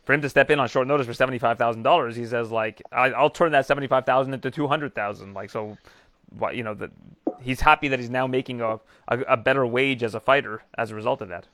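A man hosting a casual mixed martial arts chat show, talking fast and chatty with many fillers. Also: medium pitch, a bit bright, dry recording. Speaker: MMA show host.

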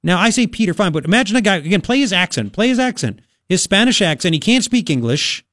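A man's voice: high voice, big pitch swings, fast, fairly bright tone, no echo. A man hosting a talk radio show, ranting bluntly and with exasperation in studio commentary.

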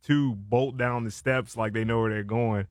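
A man's voice: medium pitch, normal speed, dry recording. Young dc guy telling a crazy work story, does all the voices, dry mic. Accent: Washington DC area. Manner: animated, acts out voices of people in his story. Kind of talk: casual storytelling chat.

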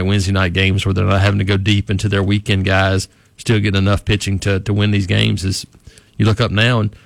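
Low-voiced man breaking down college baseball. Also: vocal fry, dry recording. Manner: rambling, many restarts and fillers. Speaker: sports reporter guest. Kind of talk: casual sports radio analysis.

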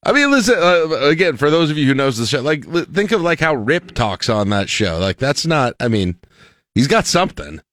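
A man's voice: on the high side, big pitch swings, moderate pace, a bit bright, no echo, clean studio sound. A man hosting a casual talk show, telling stories in a rambling way with many restarts. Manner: rambling, self-interrupting storyteller with frequent restarts. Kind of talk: casual chat.

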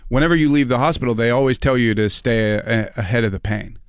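A man's voice: medium pitch, fast, clear, resonant tone, no room sound. A middle-aged man and podcast co-host, telling family stories in casual chat and acting out his relatives' lines. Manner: animated, acts out family members in quotes.

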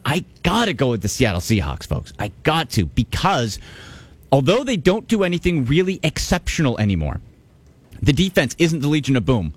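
A man's voice: fairly high pitch, no room sound. A man hosting a sports radio talk show, talking with emphatic energy and repeating himself for stress. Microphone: studio microphone.

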